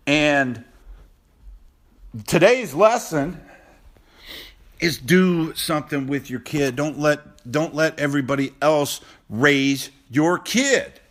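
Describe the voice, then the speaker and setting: A man hosting a motivational rant to camera, blunt and preachy, repeating himself, dropping low and quiet on personal points. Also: slow, long pauses. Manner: blunt and preachy, repeats phrases, many restarts. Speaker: host.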